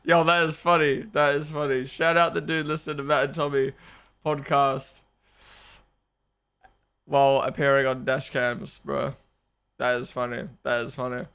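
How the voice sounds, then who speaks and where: Excitable young man with a gravelly, bright voice. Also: medium pitch, normal speed, pauses often. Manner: excitable,喜 exclaiming and repeating himself. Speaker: streamer watching a race broadcast. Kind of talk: casual live-stream reaction.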